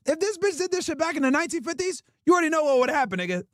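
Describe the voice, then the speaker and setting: Brief: high-pitched man, stream host, blunt profane rants, dry close sound. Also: very animated, very fast, hardly any pauses, no echo. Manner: profane, blunt, emphatic ranting. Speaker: livestream host. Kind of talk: casual streaming rant reacting to clips.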